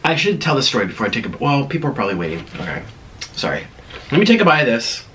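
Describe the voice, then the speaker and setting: A man's voice: medium pitch, sing-song, racing, fairly bright tone, a little hiss or hum. A man hosting an eating vlog, chatting through a dramatic story between mouthfuls. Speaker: vlogger.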